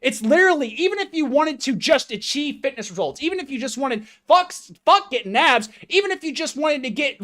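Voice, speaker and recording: A man's voice: very high-pitched, fairly bright tone. A fitness coach delivering a blunt, profane, confrontational motivational rant straight to his viewers.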